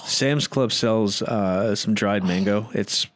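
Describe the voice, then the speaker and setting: A man's voice: on the low side, takes it slowly, a little hiss or hum. A man, a wedding photographer, chatting casually on a podcast, rambling and slipping into voices when he quotes people. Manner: rambling storyteller who acts out quotes.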